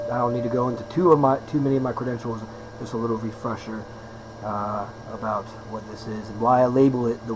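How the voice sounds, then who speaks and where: A man's voice: medium pitch, noisy background. Hyper upbeat man in his thirties. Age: 30s. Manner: hyper, fast-talking, repeats himself, upbeat slang. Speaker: personal trainer vlogger. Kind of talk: casual rambling vlog talk.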